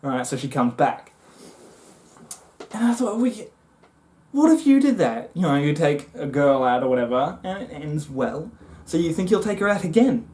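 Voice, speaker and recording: A man vlogging a comic monologue to the camera, excitable and often jumping into high voices as he acts things out. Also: normal speed, pauses often. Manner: excitable, jumps into high squeaky voices when acting things out.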